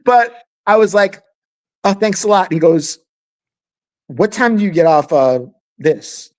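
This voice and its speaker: Animated man telling a funny story. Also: high-pitched, unhurried. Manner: animated, laughing often, acting out other people's lines. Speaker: podcast co-host. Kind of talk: casual storytelling chat.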